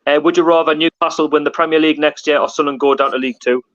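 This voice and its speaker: A man's voice: on the high side, steady tone, racing, a bit bright. A man hosting a casual live stream, chatting with guests and reading out viewer comments. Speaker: livestream host. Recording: dull lo-fi stream audio.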